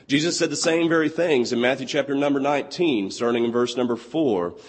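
Young male preacher with a hoarse, lost voice; earnest, slow on scripture, in a reverberant hall. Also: medium pitch. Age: 20s. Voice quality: husky. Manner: earnest, quotes scripture slowly and deliberately. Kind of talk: sermon.

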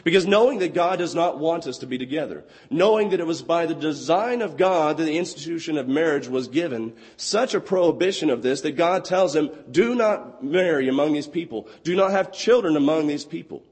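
A man in his twenties preaching a sermon with a hoarse, husky voice he has partly lost, reading scripture slowly and deliberately. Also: on the high side, expressive, a little mellow. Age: 20s. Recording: long hall reverb.

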